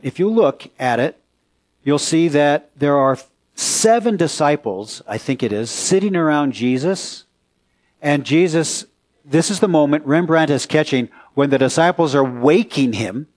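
In a church, a man with a fairly high voice preaches slowly. His sermon is conversational, with questions put to the congregation.

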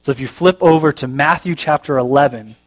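A man preaches to his congregation in a relaxed, conversational way, reading passages aloud and joking at his own expense. His voice sits a little higher than most men's. A faint electrical hum runs under the recording. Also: fairly quick. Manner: conversational, self-deprecating humor, reads scripture aloud. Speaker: pastor. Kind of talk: sermon.

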